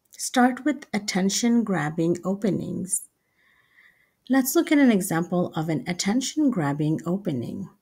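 A woman teaching English writing step by step, slow and deliberate, repeating each example sentence. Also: lowish voice, darkish tone.

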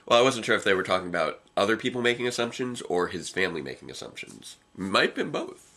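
Young male co-host, low and animated voice, bright tone, rambling casual chat with frequent restarts. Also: fast talker. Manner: rambling, restarts sentences, laughs often. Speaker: co-host reviewing episodes.

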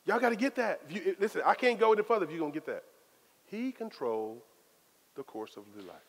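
High-voiced man preaching in a reverberant hall. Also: fast talker. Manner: lively, conversational preaching with Southern Black church phrasing. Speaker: pastor. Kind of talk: sermon.

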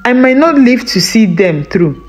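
A woman's voice: fairly high pitch, sing-song, unhurried, faint music behind. A woman voicing a weary, defeated husband. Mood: despairing. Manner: sad, defeated. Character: weary, despairing middle-aged village husband.

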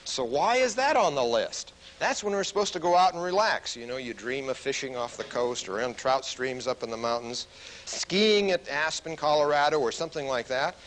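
A military officer giving a stress management lecture to a group, telling stories and asking the audience questions. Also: male voice, medium pitch, moderate pace, slight background noise, poor audio. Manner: animated storyteller who asks the audience questions.

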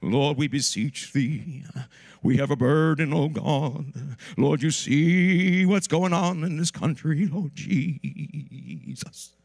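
A man mimicking a pompous male preacher who prays in a booming, drawn-out voice with heavy vibrato. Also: creaky, darkish tone, no room sound, heavily acted.

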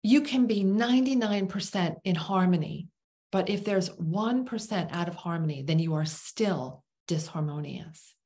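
A woman with a fairly low voice, teaching spirituality through a parable. She speaks slowly with long dramatic pauses and sinks to a hush on the words she stresses. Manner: slow, dramatic pauses, drops to a whisper on key words.

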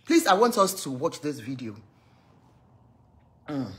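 A woman's voice: low voice, measured pace, pauses often. A woman with a Nigerian accent chatting casually as a gossip vlogger, telling stories animatedly, acting out the people she quotes and slipping into pidgin and Yoruba phrases. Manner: animated storytelling, acts out quoted voices.

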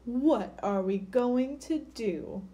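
A woman's voice: on the high side, drawn-out words, dark tone. A woman doing a panicky little girl bird. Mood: dismayed. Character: young girl bird twin, anxious.

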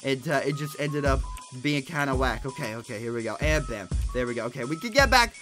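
A young man livestreaming a game, talking excitedly with many stammered restarts and frequent laughs. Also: mid-range voice, brisk, music in the background. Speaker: gaming livestreamer. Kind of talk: live gameplay commentary.

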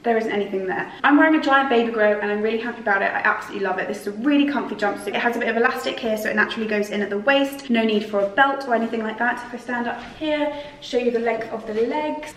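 A chatty British woman in her twenties talks through a clothing haul at home, bubbly and quick to poke fun at herself. Her voice sits a little high. She is recorded in an echoey room, somewhat away from the mic. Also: fairly bright tone, recorded from a distance, a little hiss or hum. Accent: British English. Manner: chatty, bubbly, self-mocking asides. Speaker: fashion vlogger. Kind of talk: casual try-on haul chat. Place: home room, seated by a sofa.

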